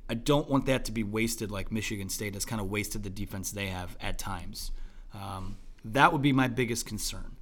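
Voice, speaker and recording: A man talking through a post-game football analysis in a loose, thinking-aloud way with lots of fillers and restarts, his voice going hoarse. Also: fairly low pitch, normal speed. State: losing his voice. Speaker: sports analyst.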